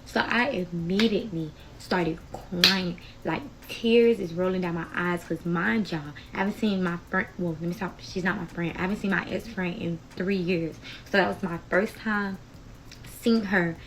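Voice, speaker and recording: A young adult woman with a lowish voice speaks at a normal pace and a steady tone over background noise. She's vlogging a heated story, chatty and emotional, addressing viewers as "y'all."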